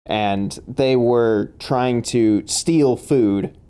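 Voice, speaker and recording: A man's voice: mid-range voice, extremely slow, warm tone, smooth. A man running a tabletop game as game master, laughing often and talking with many fillers and restarts.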